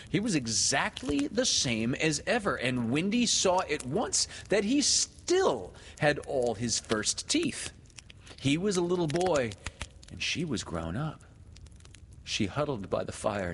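A man narrating a storybook in an unhurried, expressive manner. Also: lowish voice. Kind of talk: audiobook narration. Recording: reverberant room, faint hiss.

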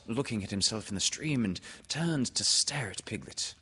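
A man narrating a storybook aloud in an unhurried, expressive way. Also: on the low side, husky. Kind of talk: storybook reading.

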